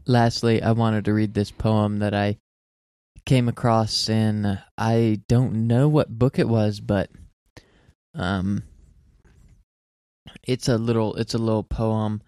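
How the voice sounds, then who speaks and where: A young man with a mellow, dark, smooth voice reads aloud in an earnest, measured way. He is recorded close on a dry podcast mic, with no room sound. Between readings he talks casually as a co-host. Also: lowish voice, fairly even intonation, dry recording.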